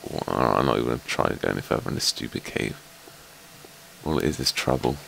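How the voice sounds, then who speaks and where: A man's voice: rumbling low, fast talker, creaky, a bit bright, slight background noise. A man playing a game with a friend, swearing a lot and raging at the enemies that keep killing him. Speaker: gamer. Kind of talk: casual gaming chat.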